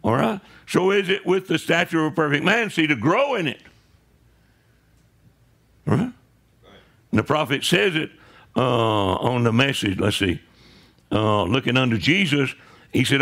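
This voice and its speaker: With a medium-pitched, fairly bright voice, a male pastor preaches expressively and a little slowly, pausing often. His sermon in the church sanctuary is conversational, full of "right?" asides that check in with listeners.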